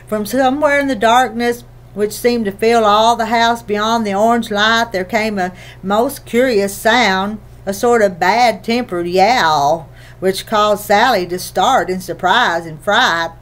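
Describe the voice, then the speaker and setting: A woman narrating a children's novel in a gentle, even storytelling manner. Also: mid-range voice. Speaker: audiobook reader.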